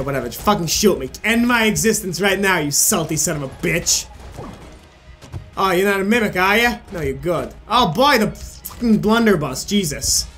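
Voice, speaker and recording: A man commentating his own gameplay, frustrated and swearing, with sudden yelling outbursts. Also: sits high. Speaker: gaming video creator. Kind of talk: casual let's play commentary. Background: game music.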